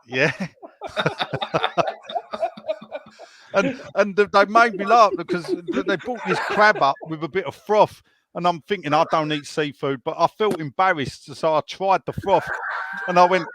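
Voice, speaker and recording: A man's voice: high-pitched, measured pace, pauses often, fairly bright tone. A man with a Cockney accent, a guest telling rambling, laughing stories in casual chat, with many restarts. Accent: London Cockney. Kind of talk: casual podcast chat, storytelling.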